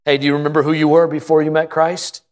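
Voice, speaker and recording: Male pastor, high voice, emphatic sermon delivery, leads call and response, long church reverb. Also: level tone, fast. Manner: emphatic preaching, rising to loud high exclamations. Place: church sanctuary.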